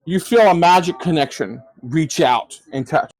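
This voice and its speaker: A man's voice: fairly high pitch, normal speed, a little mellow, no room sound. A man narrating as game master for a tabletop game, in a hesitant way full of fillers.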